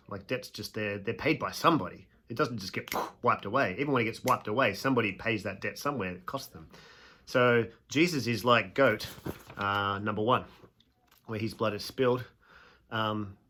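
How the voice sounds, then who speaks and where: Bright-voiced man teaching a casual lesson. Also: medium pitch. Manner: casual, self-deprecating, emphatic with stretched slow phrases. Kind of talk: classroom video lesson.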